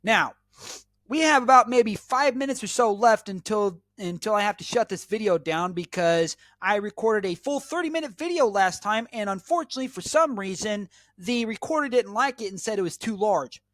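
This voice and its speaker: This American man hosts his own channel and speaks at a normal pace in a high-pitched, slightly bright voice, recorded dry. His solo monologue is emphatic and repetitive, lecturing the viewer.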